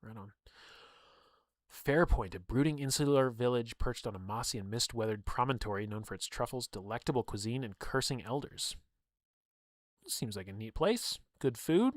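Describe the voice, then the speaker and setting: Young male streamer, casual read-aloud with banter, mid-pitched, dead dry close mic. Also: no room sound. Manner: reads aloud with chatty asides and laughs. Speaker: streamer reading a game book. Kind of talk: casual livestream read-through.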